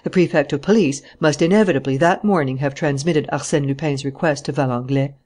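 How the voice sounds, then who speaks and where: An audiobook narrator reading a novel in a steady, even storytelling manner. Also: medium pitch, a little fast. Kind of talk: scripted narration.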